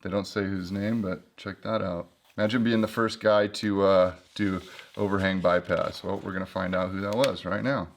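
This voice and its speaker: A man's voice: low-pitched, steady tone, moderate pace, vocal fry. A man hosting a casual book review video, chatting and joking as he flips through an old guidebook.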